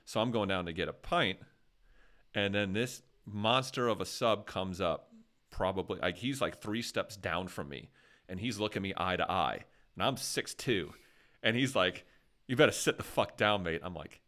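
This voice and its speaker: A man's voice: low-pitched, moderate pace, fairly bright tone. An American man hosting a casual podcast chat, telling rambling, jokey stories. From USA. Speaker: podcast host.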